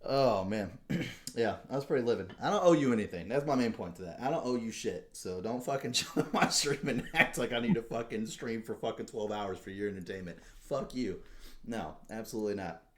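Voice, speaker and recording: A man's voice: fairly low pitch, expressive, brisk. A young man hosting a casual podcast, talking bluntly with heavy swearing and fired-up rants. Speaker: podcast host.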